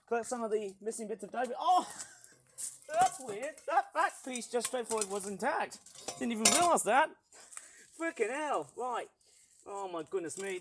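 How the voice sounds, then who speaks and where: A man chatting excitedly outdoors while smashing toys for a review vlog, often laughing and whooping. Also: high-pitched, background noise. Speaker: toy reviewer. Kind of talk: casual toy-smashing vlog. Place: outdoors on a hot day.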